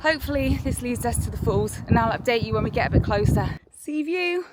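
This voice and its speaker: A woman's voice: fairly high pitch, animated, brisk, heavy background noise. A woman in her thirties chatting casually in a travel vlog, laughing often while walking a trail outdoors. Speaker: vlogger.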